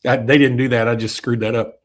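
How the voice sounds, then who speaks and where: A man's voice: mid-range voice, little pitch movement, fairly quick, noisy background. A middle-aged man, co-hosting a casual sports podcast, joking and rambling with fillers. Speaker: podcast co-host.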